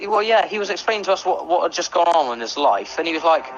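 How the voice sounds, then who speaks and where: A young man telling a wild story in a casual chat, animated and full of swearing. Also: fairly high pitch, fast talker, few pauses, lo-fi sound, a little hiss or hum.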